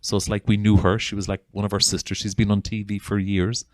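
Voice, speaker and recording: A man with an Irish accent speaks earnestly and from the heart, addressing an audience in an informal talk. His voice sits fairly low, and he often restarts his phrases. The sound is close and dry, with no room echo. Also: flat delivery, fast talker, darkish tone. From Ireland. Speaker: gestalt psychotherapist giving a talk.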